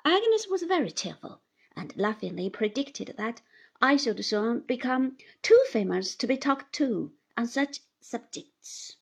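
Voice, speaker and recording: A woman narrating a classic novel aloud in a measured, gentle manner. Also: fairly high pitch, sing-song, vocal fry, slightly rough. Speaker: audiobook narrator.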